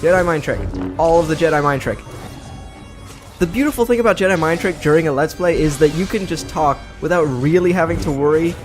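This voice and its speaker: A British let's play host gives brief gameplay commentary over game music, his voice somewhat high and a little fast. He's chatty and sarcastic, reacting to the play as it unfolds.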